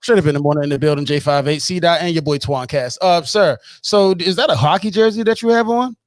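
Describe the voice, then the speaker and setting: Man, casual morning show host, loud and animated, slightly high voice, dry close sound. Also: fast, no echo. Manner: loud, animated, joking and ranting. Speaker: podcast host.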